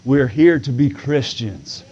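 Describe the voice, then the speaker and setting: A man preaching a sermon to a congregation. He moves from easy conversational talk to loud, drawn-out preaching with calls of "come on now". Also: medium pitch, animated, dull audio.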